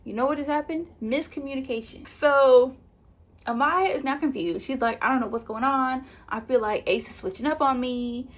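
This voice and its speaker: A woman giving a chatty, animated recap of a reality show, acting out the people she quotes. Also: sits high, normal speed. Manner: chatty, animated retelling with quoted voices and laughs. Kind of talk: casual spoiler review.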